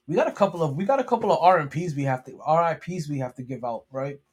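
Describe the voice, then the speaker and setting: A man's voice: a little high, animated, fast talker, breathy edge. A man hosting a sports podcast, talking casually with swearing, slang and lots of restarts. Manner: rambling, profane, frequent restarts. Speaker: podcast host.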